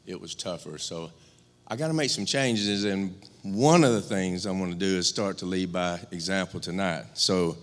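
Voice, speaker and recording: A deep-voiced, middle-aged man from rural Georgia in the US South speaks at a moderate pace, delivering a eulogy for his older brother at a memorial service. In the church sanctuary, with long hall reverb on the recording, he tells candid, joking stories full of fillers and restarts.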